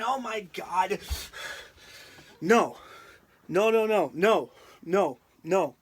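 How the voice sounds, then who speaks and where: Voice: medium pitch, lively intonation, normal speed, pauses often, slight background noise. A video reviewer ranting in an exasperated, emphatic way, often repeating the same point. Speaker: wrestling reviewer on a video channel.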